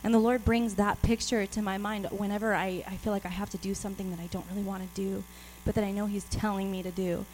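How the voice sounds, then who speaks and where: A woman's voice: medium pitch, flat delivery, fast, hardly any pauses, darkish tone, a little hiss or hum, poor audio. A woman giving an informal, personal sermon and reading scripture aloud. She speaks out of breath, chatty, with laughs and many restarts. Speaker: preacher.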